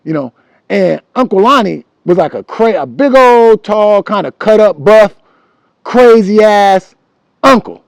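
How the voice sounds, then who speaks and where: A middle-aged man, telling a childhood story in a loose, animated way and humming tunes as he goes. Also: sits high, unhurried, creaky, no echo. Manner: animated and loose, acts out voices and hums tunes. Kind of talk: casual storytelling.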